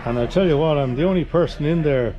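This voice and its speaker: A man's voice: fairly high pitch, fast talker, lo-fi sound. A middle-aged man with an Irish accent, vlogging to a handheld camera in an easygoing, rambling way with plenty of fillers. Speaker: travel vlogger. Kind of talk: casual chat to camera. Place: outdoors on a busy street. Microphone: handheld action camera. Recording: outdoor street noise behind.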